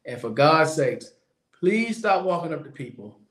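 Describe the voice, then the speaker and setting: Guy hosting his podcast, ranting bluntly, kinda high voice, roomy echo. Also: sing-song, measured pace, a bit bright. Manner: blunt, opinionated, repeats points for emphasis. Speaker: podcast host. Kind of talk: casual monologue. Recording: echoey room.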